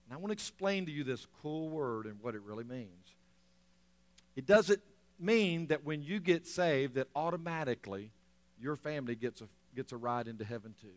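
A man preaching a sermon, swinging between loud emphatic lines and soft quiet ones, with chuckles between points. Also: on the high side. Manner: animated preaching, rising loud then dropping soft. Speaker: pastor.

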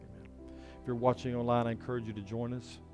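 A man's voice: medium pitch, little pitch movement, very fast. Man preaching in a reverberant church. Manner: impassioned preaching that drops to a hushed, soft voice. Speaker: pastor. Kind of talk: sermon. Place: church sanctuary. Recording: long hall reverb with faint music.

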